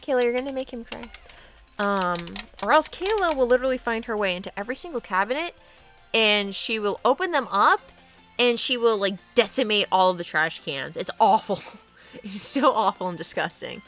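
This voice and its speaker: Young woman art streamer, lively high voice, giggly and chatty, faint music under her. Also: normal speed. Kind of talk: casual live-stream chat.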